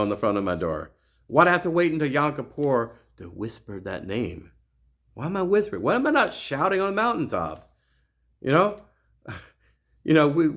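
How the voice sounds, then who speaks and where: A middle-aged man hosting his own show, giving an impassioned religious monologue that is full of repeats and restarts. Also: fairly high pitch. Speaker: show host.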